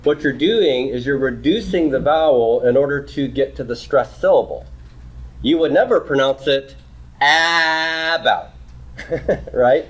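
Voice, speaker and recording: This Hebrew grammar teacher has an expressive, medium-pitched voice that is a little mellow and slightly rough, at normal speed. Lecturing step by step, he repeats and restarts phrases and keeps checking with "okay?" and "right?".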